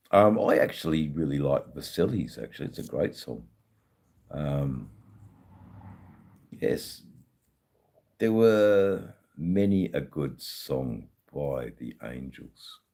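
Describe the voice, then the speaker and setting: Deep, husky Australian man, slow and swearing. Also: expressive, warm tone. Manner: laid-back, swears freely, many ums, uses Aussie slang. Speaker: live streamer. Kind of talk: casual live-stream chat, reading viewer comments.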